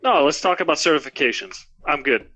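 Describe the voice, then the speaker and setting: Male panelist, slightly high pitch, dry sarcasm, noisy room. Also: animated, fairly quick, crowd noise. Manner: sarcastic, grumbling. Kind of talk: casual chat.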